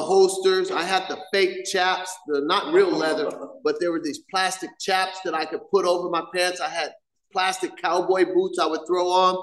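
High-voiced man telling his story, echoey room. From Southern California. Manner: animated storyteller, acts out scenes with sound effects. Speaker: main speaker at a recovery meeting. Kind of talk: personal storytelling share. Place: meeting room.

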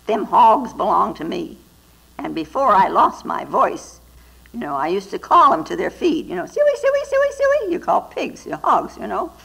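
A woman voicing a hoarse old southern male hog farmer who talks in a folksy drawl. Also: mid-range voice, huge pitch swings, a little slow, fairly bright tone, heavily acted, low-quality recording. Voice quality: hoarse near-whisper.

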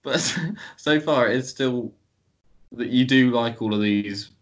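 A man's voice: mid-range voice, takes it slowly, lo-fi sound. A man co-hosting a podcast, joking and teasing in casual chat. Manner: jokey, teasing. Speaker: podcast co-host.

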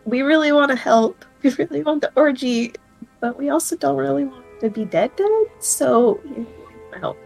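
A woman's voice: sits high, normal speed, creaky, a little mellow, low-quality recording. Woman player, tentative, faint music underneath. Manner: tentative, thinking aloud. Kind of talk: tabletop game play.

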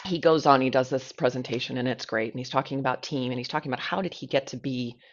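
A woman's voice: rumbling low, quick pace, a little hiss or hum. Chatty woman co-host telling a story. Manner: animated, chatty, lots of fillers. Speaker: podcast co-host. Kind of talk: casual storytelling chat. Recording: dull lo-fi podcast audio.

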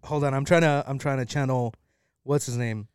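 A man's voice: medium pitch, steady tone, brisk, clean tone, no room sound, clean studio sound. A man in casual podcast chat, telling rambling stories and laughing as he goes.

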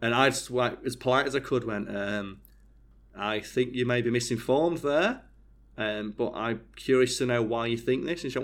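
A man's voice: medium pitch, normal speed. A young man, casually telling a work story and acting out the dialogue. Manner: animated storytelling, acts out quoted dialogue, swears freely. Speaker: podcast co-host telling a story. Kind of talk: casual chat.

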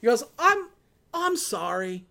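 A woman's voice: fairly high pitch, very animated, takes it slowly, creaky, pushed and bright. A woman co-hosting a casual chat, retelling a movie's scenes step by step and acting out the characters' lines. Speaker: podcast co-host.

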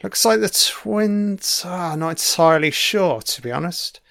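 A man talks his way through a film in a slow, drawn-out manner, swearing freely as he drops wry asides. His voice sits somewhat high for a man and comes through smooth and clean. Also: animated, fairly bright tone. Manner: swears constantly, wry offhand remarks. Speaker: film commentator. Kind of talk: casual running film commentary.

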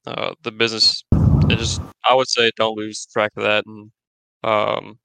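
A man's voice: on the low side, completely flat delivery, measured pace, creaky, pushed and bright, clear, resonant tone, dry recording, poor audio. A young man in his twenties on a podcast, giving brief easygoing encouragement. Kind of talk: casual chat.

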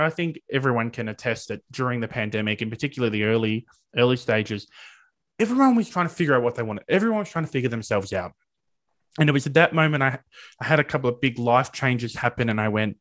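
A man's voice: mid-range voice, a bit bright. A young Australian man answering interview questions about his path into teaching, earnest and enthusiastic, often restarting his sentences.

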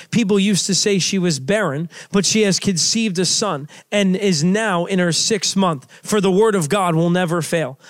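Young male preacher, high voice, loose conversational delivery with lots of fillers. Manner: casual, conversational preaching with many fillers and restarts. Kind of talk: sermon.

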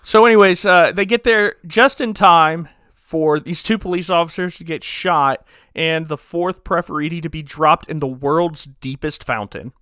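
A man casually recapping a movie plot on a podcast, rambling and joking with quick asides. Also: a little high, pushed and bright, smooth, no echo, clean studio sound. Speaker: podcast co-host recapping a film.

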